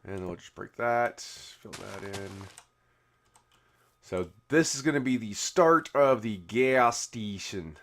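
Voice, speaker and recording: A man's voice: fairly low pitch, expressive, slow. A man hosting a game video, chatting casually while he builds and answering viewer comments in a rambling way with many restarts. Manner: rambling, full of "you know" and restarts. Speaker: YouTube game host.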